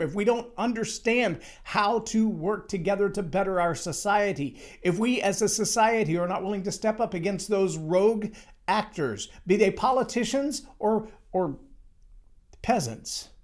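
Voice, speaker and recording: A man giving a motivational talk on leadership, emphatic and storytelling, acting out the quotes he tells. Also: high voice. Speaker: speaker on leadership.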